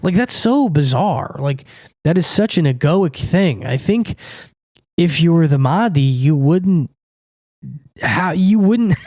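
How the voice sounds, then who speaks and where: Young male podcast host, slightly higher voice, dry close sound, rambling and irreverent with lots of fillers. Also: animated, unhurried, a little mellow, no echo. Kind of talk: casual monologue.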